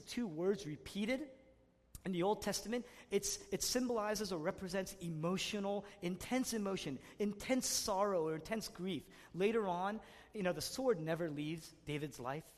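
Preacher with hall reverb. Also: male voice, high-pitched, moderate pace. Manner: swings from loud emphatic to hushed, intimate delivery. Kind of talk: sermon.

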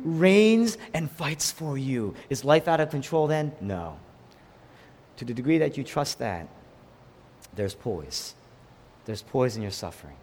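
A middle-aged man preaches a sermon in a church sanctuary, his somewhat high voice rising and falling with lively emphasis. He repeats key phrases for weight, shifting between ringing declarations and quiet, intimate lines. A long reverb from the hall trails each sentence. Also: moderate pace. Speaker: pastor.

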